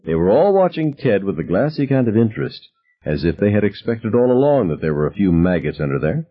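A man narrating a novel in first person, with expressive storytelling. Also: on the low side, brisk, muffled recording. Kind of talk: audiobook narration.

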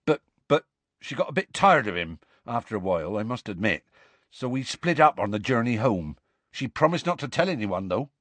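A man playing a desperate soft-hearted giant. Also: medium pitch, big pitch swings, normal speed, no echo. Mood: anxious, explaining. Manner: earnest, desperate, rustic grammar. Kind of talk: audiobook character voice.

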